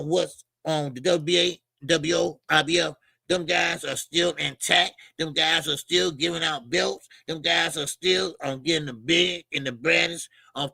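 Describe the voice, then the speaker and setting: A high, gravelly man rants on a boxing livestream, heated and profane. His tense, cutting voice repeats itself for emphasis, and the close mic sounds dry. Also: pushed and bright, dry recording, rough recording. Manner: heated, profane, repetitive ranting. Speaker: boxing show host. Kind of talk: ranting livestream commentary.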